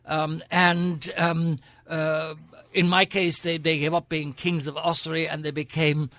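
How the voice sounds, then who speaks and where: A man's voice: a little high, flat delivery, measured pace, fairly bright tone, no room sound. An older Irish man, a senator, telling stories as a guest in an interview, with a grand, theatrical, witty manner. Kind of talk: anecdotal storytelling.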